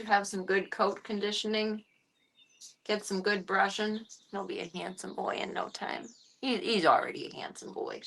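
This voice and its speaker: Woman, middle pitch, casual live-stream chat, cooing baby-talk at a foster cat. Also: a bit bright. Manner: coos and baby-talks to the cat between chatty asides.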